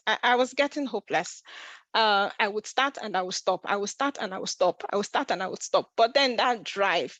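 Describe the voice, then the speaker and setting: A woman's voice: mid-range voice, no room sound. Earnest woman telling her story. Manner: earnest, emotional, frequent restarts. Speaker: vlogger. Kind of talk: casual personal storytelling.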